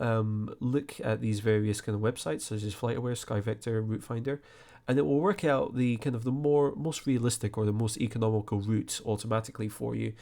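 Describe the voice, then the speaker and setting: A man hosting a screen-recorded flight sim tutorial, explaining step by step in a relaxed way with frequent fillers. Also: medium pitch, creaky.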